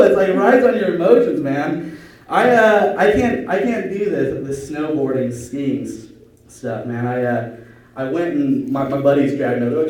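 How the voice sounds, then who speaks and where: A young man doing stand-up, rambling and hesitant, with a high, lively voice. He is heard through an echoey room, picked up from far off by a camera. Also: normal speed. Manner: rambling, hesitant, many restarts and fillers. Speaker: stand-up comedian. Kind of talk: stand-up routine. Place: small room with an audience.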